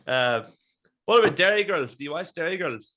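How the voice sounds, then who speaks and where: A man's voice: a little high, lively intonation, fairly quick, bright, forceful tone. A man hosting a podcast, chatty, laughing often and swearing casually. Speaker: podcast host. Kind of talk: casual chat.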